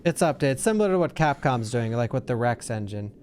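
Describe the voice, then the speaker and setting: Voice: medium pitch, animated, a little fast, darkish tone, slight background noise. A tired, yawning game streamer giving casual, chatty gameplay commentary with swearing and rambling asides.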